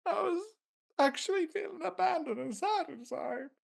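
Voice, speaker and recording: A man's voice: extremely high pitch, animated, moderate pace, gravelly, pitched above the performer's own voice, heavily acted. Picture a vulnerable therapy client, sad and lonely, confessing in a small, raised, pleading voice, as a man puts it on while teaching. The voice sits well above the man's own and sounds a little set back from the mic.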